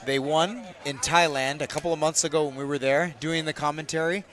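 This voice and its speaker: A man calling a game from a commentary booth on a booth microphone, joking with his co-host and bursting loud on big plays. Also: fairly high pitch, steady tone, a little fast. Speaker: sports commentator. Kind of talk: play-by-play commentary with banter.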